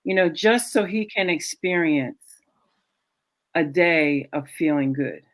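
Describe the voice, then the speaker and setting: A woman's voice: low-pitched, expressive, slow, dry recording, low-quality recording. A woman guest, a caregiver, telling her story in an earnest, reflective way and repeating key phrases. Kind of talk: casual interview storytelling.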